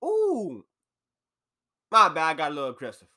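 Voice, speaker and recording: Young man, podcast host, high voice, bright tone, slangy casual rant. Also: moderate pace. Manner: loose, animated slang-heavy rant. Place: apartment.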